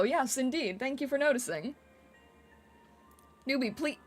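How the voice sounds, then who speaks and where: Giggly woman streamer, pretty high voice, chatting with her viewers, faint music behind. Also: lively intonation, measured pace. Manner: giggly, playfully reacting to chat. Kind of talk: casual live-stream chat.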